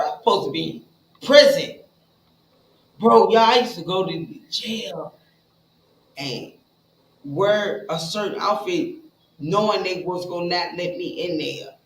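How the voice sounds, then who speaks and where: A woman telling her own story in a casual, blunt and profane way, talking straight to her listeners and jumping between hushed asides and loud bursts. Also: on the low side, a little hiss or hum. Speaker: speaker sharing a recovery story. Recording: roomy echo with faint ambience.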